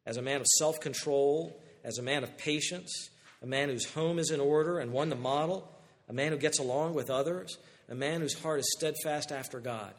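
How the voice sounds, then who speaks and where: High-voiced man preaching in a reverberant hall. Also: normal speed. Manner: animated preaching with sudden loud rises and hushed drops. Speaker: pastor. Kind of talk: sermon.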